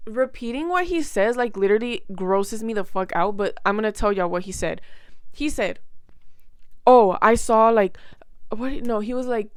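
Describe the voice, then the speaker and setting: A young woman vlogger telling a rambling, animated story in casual chat, full of fillers and quoted back-and-forth. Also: medium pitch, clean tone, dry recording, clean studio sound.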